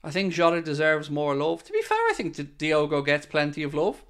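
An Irish man with a Dublin accent hosting a live football watchalong, reacting excitedly to the play and chatting back to viewers. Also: on the high side, brisk, clean tone. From Ireland. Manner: chatty, answering viewer comments. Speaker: watchalong host.

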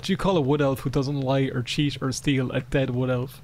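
A man streaming a game live, swearing, laughing and reading in-game books aloud with excitement. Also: mid-range voice, moderate pace, hardly any pauses, a little hiss or hum. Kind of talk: live gameplay commentary.

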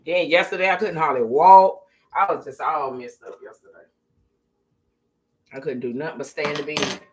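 A woman's voice: sits low, normal speed, background noise. A middle-aged woman, chatting casually and laughing often with viewers on a live stream while she is tired.

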